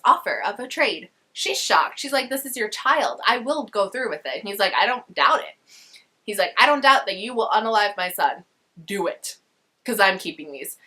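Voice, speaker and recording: A woman's voice: medium pitch, sharp tone. A young woman casually summarizing a novel in a chatty, sarcastic way with slangy asides. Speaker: book vlogger.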